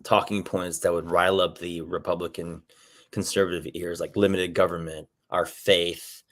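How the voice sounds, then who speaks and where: A man co-hosting a reaction show, talking in a halting way and repeating words as he thinks. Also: sits low, flat delivery, fairly bright tone. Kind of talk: casual reaction chat.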